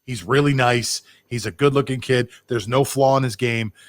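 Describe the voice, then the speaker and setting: A man's voice: mid-range voice, normal speed, no echo. A man with a mid-range voice, co-hosting a sports chat in a blunt, opinionated way. The sound is dry and close. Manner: blunt, opinionated, jumps between thoughts. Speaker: sports podcast co-host.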